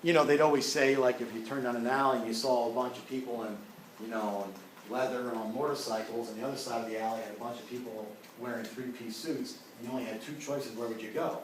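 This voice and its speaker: With a medium pitch and fairly even intonation, a fast-talking man teaches an ethics class through personal anecdotes, often saying "you know" and "right?" in a relaxed manner. The distant room mic leaves him sounding far away, with strong echo in the lecture room and faint hiss.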